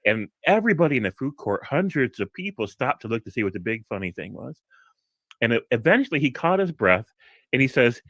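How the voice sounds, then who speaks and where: A man's voice: a little fast, no room sound. Laughing man telling a funny story. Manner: animated storyteller, laughs often, breaks into higher quoted voices. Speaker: guest on a live discussion stream. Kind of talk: casual anecdote telling.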